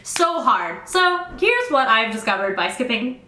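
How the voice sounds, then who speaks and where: A young woman casually recapping a novel with sarcastic, fast-talking, swear-heavy humor. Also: fairly high pitch, big pitch swings, bright, forceful tone. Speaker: book reviewer. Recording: roomy echo.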